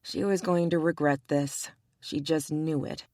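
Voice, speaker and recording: A woman narrating an audiobook romance in a measured, even reading style. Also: low voice, no room sound, clean studio sound. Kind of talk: scripted narration.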